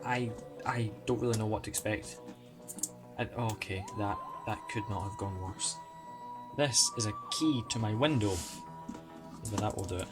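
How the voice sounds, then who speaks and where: A man with an excitable, chatty manner and self-mocking asides, giving casual unboxing commentary as a toy collector vlogger. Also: fairly low pitch, normal speed, long pauses. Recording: music playing underneath. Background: background music.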